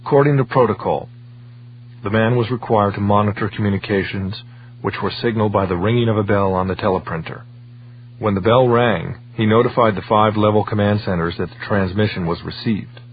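Low-voiced man narrating an audiobook. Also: fairly quick, muffled recording, slight background noise.

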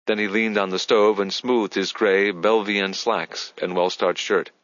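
A man narrates an audiobook in a measured, steady way. His voice sits low, the audio is close and dry, and the sound is slightly dull. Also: no room sound. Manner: measured, even storytelling. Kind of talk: scripted narration.

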